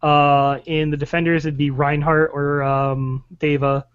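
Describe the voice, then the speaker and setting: A man's voice: on the high side, little pitch movement, unhurried, smooth, dry recording. A man co-hosting a casual gaming podcast, rambling with lots of fillers. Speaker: podcast co-host. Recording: dull lo-fi sound.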